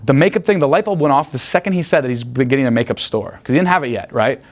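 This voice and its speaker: A man's voice: medium pitch, expressive. A man coaching a live group in a room, talking in a chatty, profane way and tagging many points with "right?". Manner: rapid, profane, chatty, asks "right?" often. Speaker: dating coach. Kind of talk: live seminar talk.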